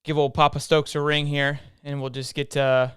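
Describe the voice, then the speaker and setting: A young man hosting a casual sports talk stream, energetic and repeating his words as he goes. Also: on the high side, normal speed, clean tone, dry recording, clean studio sound. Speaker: host.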